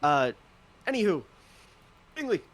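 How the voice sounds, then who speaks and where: A man's voice: high voice, sing-song, unhurried, voice pushed up. A man voicing a disgruntled male drow in a suit, clipped and impatient, then formally polite.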